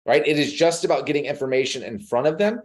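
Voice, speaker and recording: A man's voice: fairly high pitch, quick pace. A man hosting a team sales call, giving motivational talk and acting out conversations with prospects over a video call. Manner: animated, acts out conversations with changed voices.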